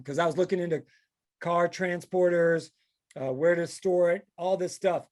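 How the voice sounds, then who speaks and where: A man's voice: high-pitched, moderate pace. A man hosting a casual chat show, telling stories and acting out the people in them. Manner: animated storyteller acting out quotes. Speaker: podcast host.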